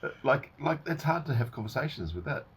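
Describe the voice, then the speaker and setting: Man, husky, animated radio co-host; acts out arguments, casual chat. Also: medium pitch, a little fast. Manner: lively, acts out arguments with his wife.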